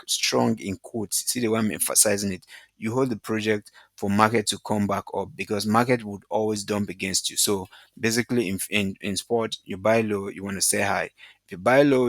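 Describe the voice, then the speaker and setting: A man's voice: on the low side, a bit bright, dry recording. A young man teaching trading basics in a casual tutorial, checking in with "right?" and plain examples. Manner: explains with repeated "right?" checks and everyday examples. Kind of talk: casual tutorial talk over slides.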